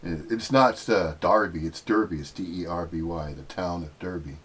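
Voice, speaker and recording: A middle-aged American man giving a rambling, teasing spiritual talk, jumping up into sudden high-pitched emphasis. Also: normal speed, breathy edge. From United States. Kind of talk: casual spiritual monologue.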